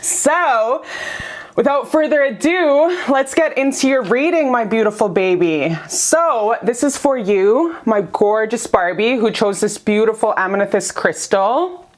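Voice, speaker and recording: A woman's voice: fairly high pitch, expressive, a little slow. A woman giving a casual tarot reading to camera, gushing and bubbly, swearing freely and laughing often. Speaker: tarot reader.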